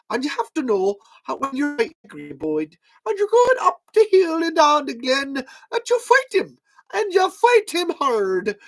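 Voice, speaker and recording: A man putting on a rousing hill fighter, very high, exhorting. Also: dark tone, heavily acted, poor audio. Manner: rallying, exhorting.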